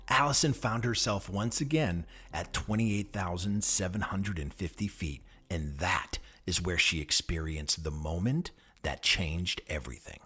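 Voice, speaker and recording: Brief: male host narration, low husky voice, lively pitch, dramatic delivery. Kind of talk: scripted narration.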